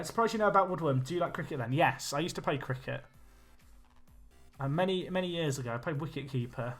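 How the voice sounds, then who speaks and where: Young man, game streamer, chatty, excitable, fairly high voice, faint music underneath. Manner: chatty, excitable, talks to chat. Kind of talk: live game commentary and chat.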